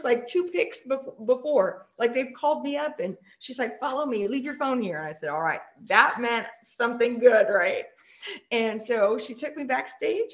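A woman with a Texan accent, a superfan guest on a podcast, telling her story in an animated, chatty way. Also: highs cut off. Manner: animated, acts out quoted voices high and bright. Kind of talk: casual interview storytelling.

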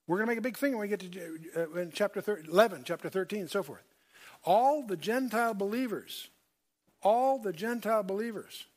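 A man's voice: high voice, brisk. A man teaching a Bible study lecture, emphatic, repeating key points and checking in with his audience. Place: lecture hall with screen.

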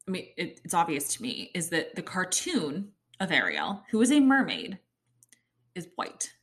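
A woman's voice: on the low side, a bit bright. A woman giving her opinions in casual talk, emphatic and exasperated, often laughing in disbelief.

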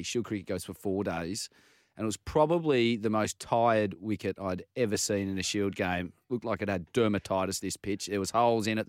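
A low-voiced man co-hosts sports radio, answering in dry, laconic quips about cricket. The sound is close and dry. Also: no room sound. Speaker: radio co-host and cricket commentator. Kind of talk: casual sports radio banter.

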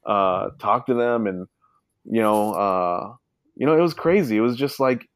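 A man's voice: lowish voice, measured pace, clean tone, no room sound. Rambling man, dry close sound. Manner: rambling, many fillers, animated retelling. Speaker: guest, son. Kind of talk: casual storytelling interview.

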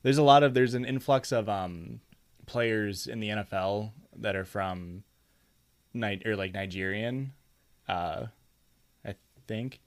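A man's voice: lowish voice, slow pace, long pauses, clean tone. A man co-hosting a podcast, joking around in casual banter, swearing freely and laughing often between rambling asides. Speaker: podcast co-host.

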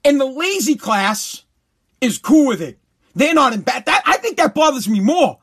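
A man with a strikingly high voice delivers a heated, profane rant. He repeats his points and breaks into shouts. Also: big pitch swings, moderate pace, husky. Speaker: commentator. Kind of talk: ranting commentary.

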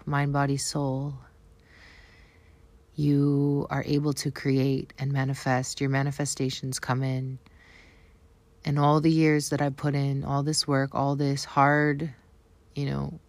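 Canadian woman, Canadian accent, low voice, dry close sound, earnest spiritual vlogger. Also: dry recording. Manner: earnest, affirming, spiritual phrasing. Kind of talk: casual spiritual vlog talk.

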